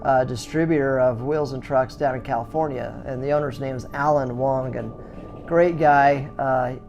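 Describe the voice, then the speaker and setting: A middle-aged man who owns a skateboard business, telling his story casually with lots of fillers and restarts, and animated sound effects. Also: medium pitch, normal speed, gravelly, muffled recording, soft background music. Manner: chatty, full of "you know" fillers and restarts; animated, acts out sounds and reactions.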